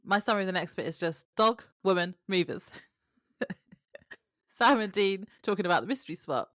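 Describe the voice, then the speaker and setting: A woman's voice: medium pitch, lively intonation, normal speed, fairly bright tone, no room sound, studio quality. A woman co-hosting a podcast, reading out plot summaries in a matter-of-fact casual way. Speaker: podcast co-host. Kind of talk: casual chat, reading episode summary notes.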